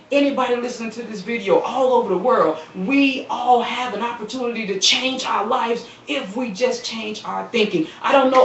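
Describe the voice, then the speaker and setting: A woman delivering an impassioned, preaching-style appeal on a live stream, repeating phrases and quoting scripture, swelling into shouts and dropping soft, recorded on a phone. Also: a little high, normal speed, slight background noise. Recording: roomy, distant, dull phone recording.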